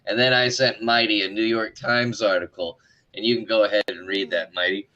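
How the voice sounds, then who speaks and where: A man's voice: lowish voice, fairly even intonation, brisk, sharp tone, highs cut off. A man co-hosting a casual podcast, teasing and wry, laughing along with his partner. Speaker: podcast co-host.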